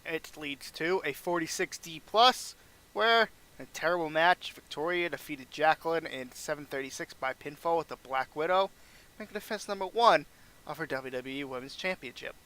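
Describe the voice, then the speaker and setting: A man's voice: fairly high pitch, moderate pace, pushed and bright. A man casually narrating a wrestling management game playthrough, recapping matches and reading scores aloud.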